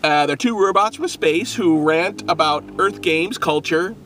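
A man's voice: a little high, measured pace, a bit bright, slight background noise. A man hosting a casual food review vlog, talking in an upbeat, rambling way and laughing often.

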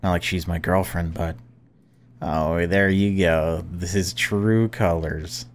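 A man playing a horror game and commenting in a hushed, jumpy, casual way, sometimes swearing. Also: deep voice, fairly even intonation, slow, slight background noise. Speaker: let's-play gamer.

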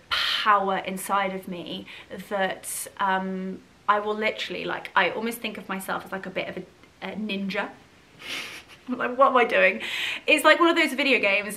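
A woman talks to her viewers in a casual vlog, chatty and effusive, full of little asides. Her voice is bright and ringing, at a middle pitch. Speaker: vlogger. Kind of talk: casual chat to camera.

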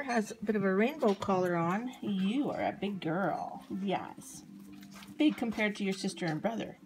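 A woman filming her puppies at home, speaking in cooing, sing-song baby talk that drops to soft whispers. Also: on the high side, slight background noise, low-quality recording.

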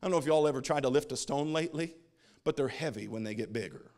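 A man's voice: medium pitch, fast talker, a little mellow. A man in his thirties preaching a sermon as a pastor, telling funny family stories and laughing at his own jokes.

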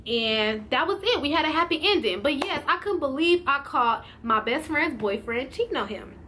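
Sex: female. Role: vlogger. Style: animated storytime, slangy, addressing viewers. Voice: high. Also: normal speed, slight background noise. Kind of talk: storytime vlog.

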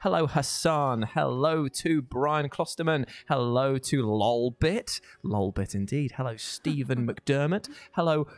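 A man's voice: mid-range voice, a little slow, hardly any pauses, dry recording. A young man co-hosting a gaming livestream, upbeat and jokey, rattling off greetings to viewers. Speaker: livestream co-host. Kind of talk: casual gaming livestream chat.

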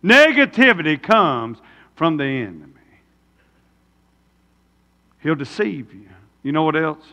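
A man's voice: on the high side, big pitch swings, takes it slowly, long pauses, bright, forceful tone. A man preaching a sermon, folksy, throwing rhetorical questions at the congregation. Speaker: pastor. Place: church sanctuary. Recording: long church reverb.

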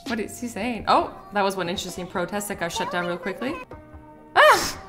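A woman's voice: mid-range voice, fast, music in the background. A young woman hosting a reaction video, chatting playfully and exclaiming at what she watches. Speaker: YouTube host. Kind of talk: reaction commentary.

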